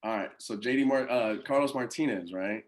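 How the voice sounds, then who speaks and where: Fast-talking coach spinning a slangy story. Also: male voice, medium pitch. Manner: animated, slangy and profane, with many acted-out quotes. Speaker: college baseball coach. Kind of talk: casual podcast storytelling.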